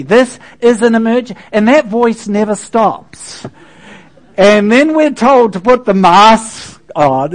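Lively New pastor telling a story. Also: male voice, high-pitched. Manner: conversational storytelling, frequent "you know" asides. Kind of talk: sermon.

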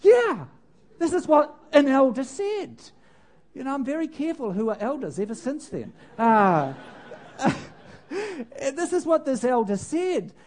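Animated older man preaching a sermon. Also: very high voice, unhurried. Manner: animated, self-mocking, laughs at himself. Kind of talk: sermon storytelling.

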